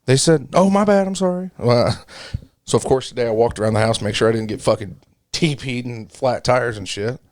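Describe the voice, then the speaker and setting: A man's voice: mid-range voice, steady tone, moderate pace, a little mellow. A middle-aged man on a casual podcast, telling a joking, profane story. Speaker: podcast co-host. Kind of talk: casual chat.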